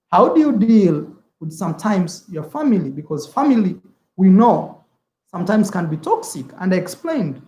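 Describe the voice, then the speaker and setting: A man hosts a casual livestream from an indoor room, chatting with viewers, thanking them, and calling them "man" again and again. His voice sits high and sounds mellow, with a roomy echo.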